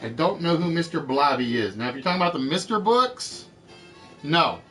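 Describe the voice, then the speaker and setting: A man's voice: on the high side, animated, normal speed, fairly bright tone, faint music behind. A man hosting an online game show, chatting casually with viewers and often correcting himself as he talks. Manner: rambling, self-correcting, talking to chat. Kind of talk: casual live-stream chat.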